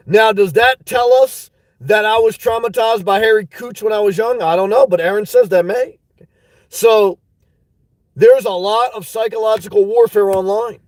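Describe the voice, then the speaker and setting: High-voiced man rambling on a livestream. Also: no echo, poor audio. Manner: rambling, joking, often shouting. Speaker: livestream host. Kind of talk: casual livestream chat.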